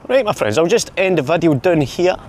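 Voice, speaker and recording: Filming himself on a busy city street, a Glaswegian vlogger rambles with playful self-mockery into his camera mic while walking. His voice is a little high and darkish, with lively intonation and a fairly quick pace, plus a faint hiss or hum.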